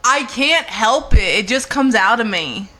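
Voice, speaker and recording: Bright-voiced giggly woman comedian. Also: on the high side, animated, measured pace. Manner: giggly, protesting denials. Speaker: comedian guest. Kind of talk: casual comedic chat.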